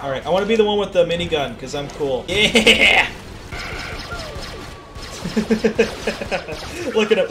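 Excitable young man yelling at a game. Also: a little high, takes it slowly, pauses often. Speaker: gaming video creator. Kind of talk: gameplay commentary. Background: game music.

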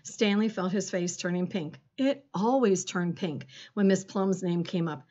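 A woman reading a children's storybook aloud in an expressive way. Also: lowish voice, unhurried. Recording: dull lo-fi recording.

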